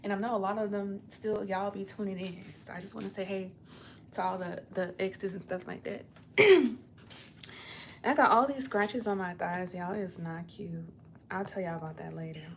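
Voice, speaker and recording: A woman's voice: mid-range voice, steady tone, normal speed, slight background noise. A young woman chatting on a casual livestream from her apartment, rambling and laid-back, sounding tired. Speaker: livestream host.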